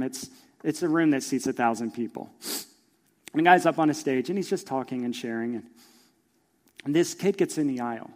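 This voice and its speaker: A middle-aged male pastor telling a story in a sermon, acting out voices and swinging from hushed asides to loud emphasis. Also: fairly high pitch. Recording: long reverb of a large hall.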